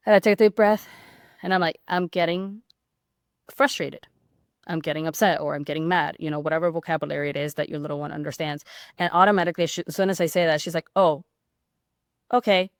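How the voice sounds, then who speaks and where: A woman with a low voice talks as a podcast guest and rambles through her thoughts, full of fillers and restarts. The sound is dry and close, with no room around it. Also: no echo. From Hispanic background. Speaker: pediatric sleep consultant and guest. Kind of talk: casual podcast interview.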